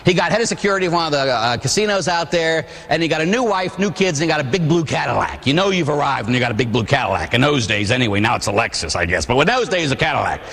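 A Catholic priest in his forties from Pittsburgh, USA, delivers a sermon in church, his voice fairly high and fairly bright, animated and fast with hardly any pauses. He fills it with personal stories, humorous asides, and habitual tag questions. The recording carries a long church reverb.

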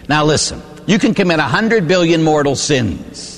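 A male Catholic priest delivering a sermon with an animated, storytelling delivery. His voice rises and falls a lot and sits a little high for a man, and he acts out the people in his stories. The sound rings with the long reverb of a large hall. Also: a little fast, few pauses, soft background music.

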